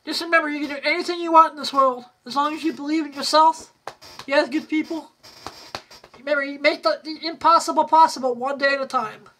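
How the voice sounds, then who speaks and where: Earnest high-voiced man hosting a radio show. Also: fairly even intonation, a little fast, bright, forceful tone, a little hiss or hum. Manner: earnest motivational sign-off. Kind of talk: casual podcast monologue.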